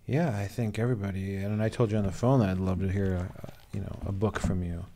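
A man conducting a conversational interview, with a low, mellow voice. He is supportive, offers short affirmations and asks gentle follow-up questions. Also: steady tone, fast, a little hiss or hum.

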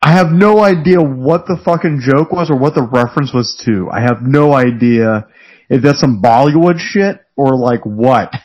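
A man's voice: mid-range voice, normal speed, a little mellow, dull audio. A man co-hosting a podcast, bluntly and profanely recapping a movie in casual chat, laughing often. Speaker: podcast co-host.

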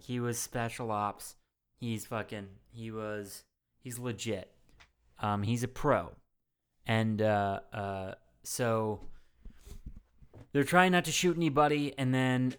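A man's voice: fairly low pitch, clear, resonant tone. A man co-hosting a casual movie podcast, retelling the plot with lots of swearing and laughter. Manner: animated, swearing, laughs often. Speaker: podcast co-host.

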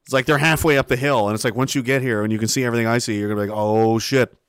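A man's voice: mid-range voice, steady tone, very fast, a bit bright, clear, resonant tone, no room sound, clean studio sound. A young man, hosting a casual livestream, reading chat messages aloud and talking in a rambling, profane way.

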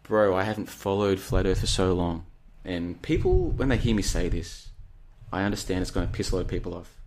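A man's voice: low-pitched, expressive, brisk, darkish tone, slight background noise. A man hosting a solo late-night talk show, chatting in a rambling, digressive way and reading out listener comments. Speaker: podcast host.

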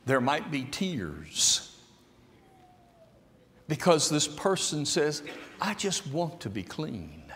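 A man preaching a sermon at a very slow, measured pace, his pitch leaping around with lively emphasis. His voice sits a little high for a man and rings with a long hall reverb. He swings from hushed, low phrases to loud, emphatic peaks. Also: slight background noise.

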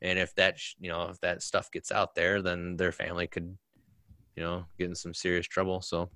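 A man's voice: low-pitched, monotone, moderate pace, sharp tone, no echo. A man, a military veteran guest, telling stories in casual conversation with many fillers.

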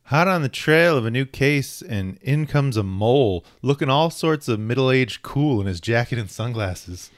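Male co-host, eager and chatty, ordinary middle pitch. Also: animated, moderate pace, few pauses. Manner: enthusiastic, reads out credits. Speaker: podcast co-host. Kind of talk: casual chat about comics.

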